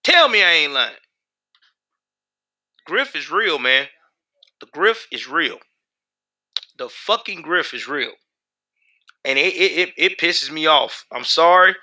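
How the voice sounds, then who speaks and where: Male livestream host, heated and profane, sharp bright high voice. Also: animated, slow, pauses often. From United States. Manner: heated, profane, talks back to chat. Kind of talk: casual live-stream commentary.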